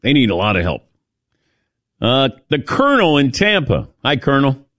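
A man's voice: medium pitch, moderate pace, no echo, clean studio sound. A man hosting a sports talk radio show, taking calls and giving opinionated takes. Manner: opinionated, lively.

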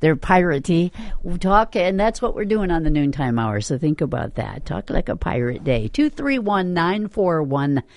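A man's voice: on the high side, sing-song, normal speed. A male radio host chatting casually between songs and laughing along with callers' jokes. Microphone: studio mic.

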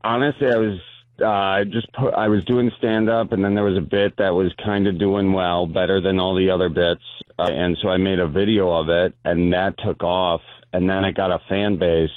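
A man's voice: low-pitched, level tone, moderate pace, no echo. A man with a Wisconsin accent, a guest comedian chatting in a laid-back, self-deprecating way on a phone line. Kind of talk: casual phone interview.

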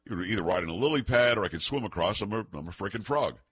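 An exasperated, wary frog, as a male radio host puts him on while retelling a fable. The voice stays husky and forceful, insisting it won't be fooled. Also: on the low side, lively intonation, rapid-fire, no room sound, clean studio sound. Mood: insistent. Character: stubborn cautious male frog.

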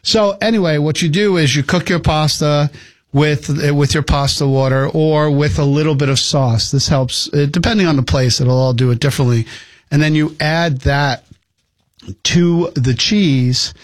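A man's voice: on the high side, fairly even intonation, moderate pace, dry recording. A man co-hosting a casual chat, explaining a cooking technique at length in an easygoing way. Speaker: podcast co-host.

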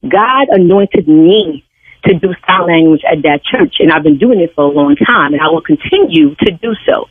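An older woman speaking on the phone, stern and firm, insisting on a calm tone. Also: low-pitched, normal speed, husky. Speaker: church sign language interpreter, prank victim. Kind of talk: phone call. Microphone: telephone. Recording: tinny phone line, dry.

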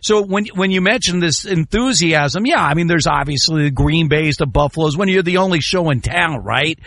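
A male radio host chatting casually about sports, animated and joking, his voice jumping up loudly at times. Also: on the high side, normal speed. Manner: animated, jokey, swings to loud exclamations.

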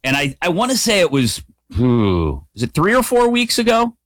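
A man hosting a sports radio show, talking through his opinions in an animated, conversational way. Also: a little high, normal speed, dry recording, studio quality. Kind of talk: opinionated sports talk monologue. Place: radio studio.

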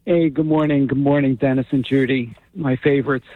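A man's voice: mid-range voice, fairly even intonation, fairly quick, no room sound. A man calling in to a radio show, chatting in a friendly way and telling a story. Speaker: caller. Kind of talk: phone-in chat. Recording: tinny phone line.

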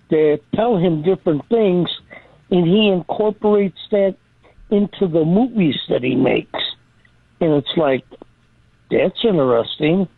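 A man's voice: sits high, creaky, no echo. Hesitant male caller on a tinny phone line. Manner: hesitant, rambling, many fillers. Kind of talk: rambling call-in chat.

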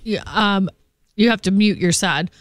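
A woman's voice: medium pitch, dry recording, clean studio sound. Chatty woman co-hosting morning radio. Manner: chatty storytelling, quick to laugh along. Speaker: radio morning show co-host. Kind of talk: casual on-air banter. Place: radio studio. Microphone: studio microphone.

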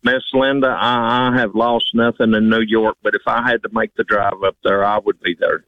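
A male caller with a rural Southern American accent on a dull, lo-fi phone line, dry and close. He is friendly and courteous, calling the host sir. His voice sits a bit low. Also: little pitch movement, normal speed, dry recording. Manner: friendly, polite, says sir. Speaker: caller, truck driver.

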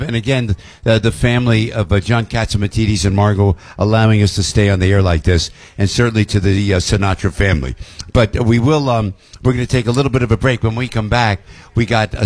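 An older man hosting a radio show, talking in loud, animated banter full of laughs and shouts. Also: mid-range voice, no room sound. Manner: excitable, shouting and laughing, New York showman banter. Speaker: radio host.

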